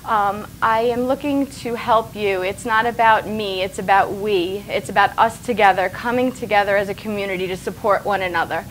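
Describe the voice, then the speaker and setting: A woman's voice: mid-range voice, fairly even intonation, normal speed, few pauses, slight background noise, low-quality recording. A woman in her forties, a talk show guest, speaking earnestly while tearful and emotional. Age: 40s. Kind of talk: casual interview.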